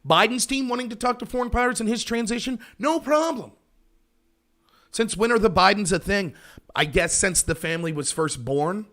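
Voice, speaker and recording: A man hosting a political livestream, talking in a sarcastic, animated way and mocking his opponents. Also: high-pitched, normal speed. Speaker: host of a political talk show.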